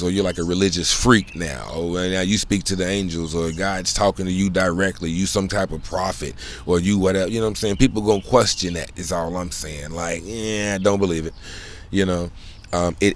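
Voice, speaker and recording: A man talking alone in a casual, rambling monologue, full of slang and profanity, often checking in with "you know what I'm saying". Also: low-pitched. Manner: profane, conversational. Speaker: solo channel host.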